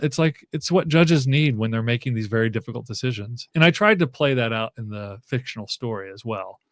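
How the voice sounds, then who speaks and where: A man's voice: lowish voice, lively intonation, fairly quick, few pauses, no room sound. A man speaking as a guest professor in a casual interview, thinking aloud with frequent fillers and restarts.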